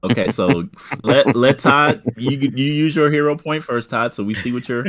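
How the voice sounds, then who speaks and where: A man running a tabletop game as game master, talking in halting stretches full of fillers and restarts. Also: mid-range voice, a bit bright.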